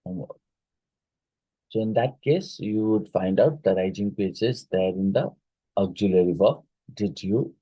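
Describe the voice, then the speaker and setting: A man's voice: on the low side, a little slow, pauses often, warm tone, slightly rough, dry recording, rough recording. A man teaching an exam-prep lesson, reading each question aloud, repeating it, and talking through the answer with fillers.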